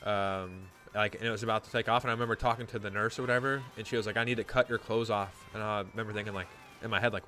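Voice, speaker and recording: Bright-voiced man, rambling casual story. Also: on the low side, steady tone, fast, hardly any pauses, soft background music. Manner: rambling, profane, lots of "like". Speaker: gaming YouTuber.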